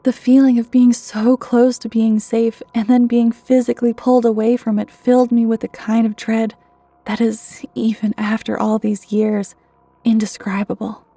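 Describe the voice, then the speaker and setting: A woman narrating a creepypasta in a hushed voice that often drops to a whisper. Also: on the high side, level tone, normal speed, no echo. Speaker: horror story narrator.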